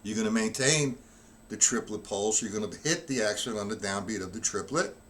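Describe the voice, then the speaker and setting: A man's voice: fairly low pitch, expressive, brisk, fairly bright tone, a little hiss or hum. Man teaching drums, counting aloud. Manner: talks while demonstrating, counting beats aloud. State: not feeling well, coughing. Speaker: drum teacher. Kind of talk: live-streamed drum lesson.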